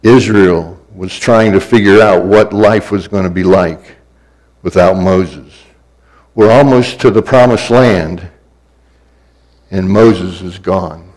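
Slow, low-voiced male preacher. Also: darkish tone, low-quality recording. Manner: repetitive, building cadence with sudden swells. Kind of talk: sermon.

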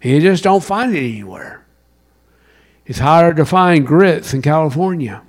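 A man with a Southern US accent from South Carolina, preaching a sermon with wide swings in pitch and loudness. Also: animated, moderate pace. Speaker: pastor.

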